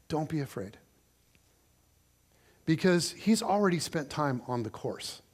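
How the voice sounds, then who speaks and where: Brief: male pastor, higher-pitched voice, lively conversational sermon delivery, chatty asides to the congregation. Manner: animated, conversational storytelling to the congregation.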